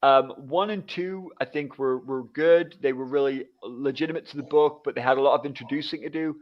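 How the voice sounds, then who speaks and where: A man's voice: mid-range voice, fairly quick. A man in his forties chatting casually as a podcast co-host, telling stories and acting out what others said. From United Kingdom. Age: 40s. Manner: animated storyteller, acts out quoted voices. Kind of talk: casual chat. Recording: dull lo-fi audio.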